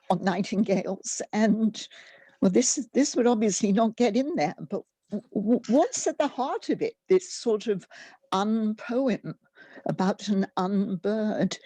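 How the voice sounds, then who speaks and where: A woman taking part in a poetry discussion, asking a question in a musing, halting way. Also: mid-range voice, mellow, husky, no room sound.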